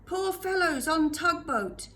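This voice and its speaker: A woman's voice: very high-pitched, expressive, takes it slowly, fairly bright tone, voice pushed up, exaggerated voice. A woman reading aloud, voicing a terse older man who bellows in clipped short phrases. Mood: grave.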